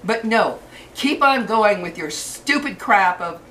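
A woman's voice: mid-range voice, animated, fairly bright tone. Furious older woman ranting, set back from the mic. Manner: furious, cursing, halting restarts. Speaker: vlogger. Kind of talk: angry rant to camera. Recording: distant mic with faint background hiss.

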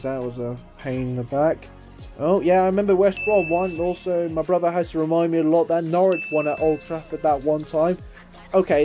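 A man with a high voice narrates and commentates his football video game, jokey and quick to get excited. He throws in plenty of casual asides. Faint music plays under him. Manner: excitable, jokey, says literally a lot. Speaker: gaming YouTuber.

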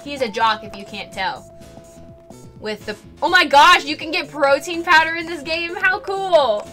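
A bright, fairly high-pitched woman chatting her way through a game stream from a desk mic. She rambles along, then breaks into excited squeals and giggles. Soft game music plays faintly behind her. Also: a little slow. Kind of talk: casual game-stream chat.

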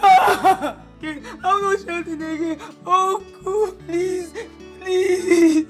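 An actress with a Nigerian accent playing a desperate young woman who pleads tearfully with her uncle and breaks into shouting. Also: very high-pitched, normal speed, music in the background. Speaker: desperate daughter. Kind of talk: Nollywood film drama.

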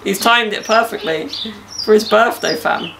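A man's voice: high-pitched, normal speed, gravelly, background noise. A young man hosting a casual podcast outdoors in a garden, bantering and joking with slang. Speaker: podcast host.

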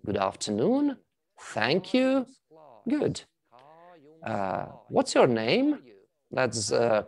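A university lecturer with a Latvian accent delivers an introductory language class in a gravelly voice that rises and falls in a lively way. He speaks English as a second language and repeats each phrase slowly so the learners can follow. He keeps checking in with his audience through short questioning tags. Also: mid-range voice. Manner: explanatory, often checks in with a questioning "yeah?".

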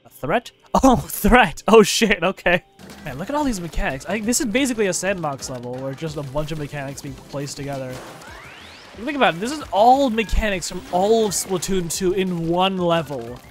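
Higher-voiced young dude yelling and laughing over a game, music faintly under. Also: male voice, a little fast. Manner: excitable, swears and laughs a lot. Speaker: gaming YouTuber. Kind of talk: let's play commentary.

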